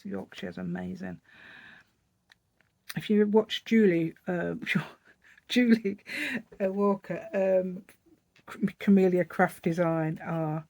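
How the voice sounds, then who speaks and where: A woman's voice: on the low side, gravelly, a little mellow. A woman with an East Midlands English accent, chatting and rambling as she demonstrates a paper craft project step by step. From East Midlands, England. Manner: rambling, chatty, thinking aloud while working. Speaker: craft channel host. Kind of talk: casual crafting tutorial.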